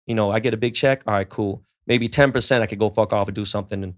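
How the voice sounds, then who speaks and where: His voice sits on the low side and moves quickly. A middle-aged man appearing on a podcast, he tells easygoing, foul-mouthed stories and voices the characters' lines himself.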